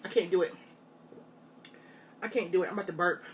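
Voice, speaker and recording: A woman chatting straight to her viewers in a casual challenge vlog, animated and drawling. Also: on the low side, fairly quick, far from the mic. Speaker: vlogger. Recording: faint noise, voice off from mic.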